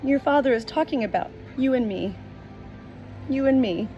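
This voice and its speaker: A middle-aged woman speaking as a spiritual medium, slow and emotional, often repeating words, tearful at times. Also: sits high, muffled recording, faint music behind. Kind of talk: channeled message video. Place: outdoors with roosters nearby. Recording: roosters and outdoor noise behind.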